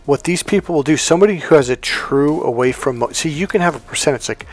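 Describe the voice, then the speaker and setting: In a casual teaching monologue, a man in the role of life coach works through an example and acts out the quoted dialogue in a conversational way. He's an animated, fast talker with a fairly high voice, and soft music plays in the background.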